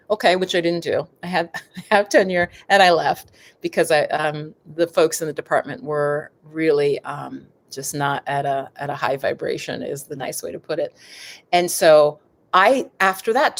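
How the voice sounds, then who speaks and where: A middle-aged woman hosting a live stream on yoga and meditation, chatting casually and wandering off on tangents, often calling her viewers "you guys.". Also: fairly low pitch.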